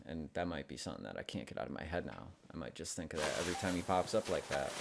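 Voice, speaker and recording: A man's voice: a bass voice, lively intonation, racing, creaky, few pauses, heavy background noise. A man streaming a video game, chatting casually with rambling asides as he plays. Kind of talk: casual gameplay commentary.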